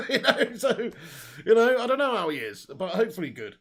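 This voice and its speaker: A young man hosts a live football watch-along, calling the play and reading out viewer comments. His voice sits a little high, with a gravelly edge. He is chatty and laughs easily. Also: very animated, normal speed, fairly bright tone. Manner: chatty, laughs often, reads out chat comments. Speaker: host.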